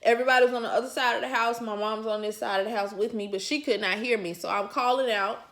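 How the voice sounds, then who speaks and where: Chatty woman with a raised pitch. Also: steady tone, quick pace, fairly bright tone. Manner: casual, colloquial, chuckles often mid-sentence; talks straight to the audience. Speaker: vlogger. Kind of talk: storytime chat to viewers.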